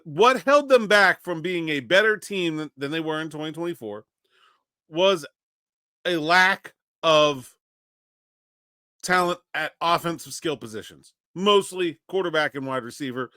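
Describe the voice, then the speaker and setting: A man's voice: fairly high pitch, bright, forceful tone, no echo, clean studio sound. A man hosting a daily solo sports podcast, talking conversationally and thinking aloud with frequent restarts. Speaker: podcast host.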